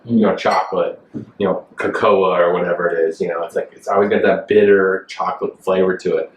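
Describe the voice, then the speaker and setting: A man's voice: deep voice, fairly even intonation, a little fast. A man co-hosting a casual beer-tasting chat, joking and laughing often. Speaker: podcast co-host. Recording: echoey room, mic far off.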